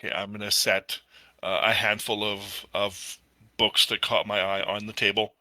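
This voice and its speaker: A man's voice: on the low side, little pitch movement, moderate pace, bright, forceful tone, dry recording. A man playing a tabletop game, thinking aloud with many fillers and restarts. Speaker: player. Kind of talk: casual tabletop play.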